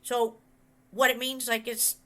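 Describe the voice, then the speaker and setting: A middle-aged woman pastor talks her way through a message in a loose, chatty sermon style. Her voice sits somewhat high and rings bright and forceful. She wanders through anecdotes and acts out the people she quotes. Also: measured pace. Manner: rambling, animated, quotes others in voices. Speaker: pastor and author. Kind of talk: conversational sermon with storytelling.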